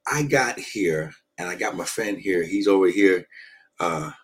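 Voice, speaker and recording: A man pastor with a low, husky voice preaches into a phone from a hotel room. He drives his points home by repeating phrases and calling out to listeners. The call gives the sound a close, casual quality. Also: lively intonation, unhurried, low-quality recording. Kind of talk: live-streamed preaching. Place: shared hotel room at a conference. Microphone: phone or laptop on a video call.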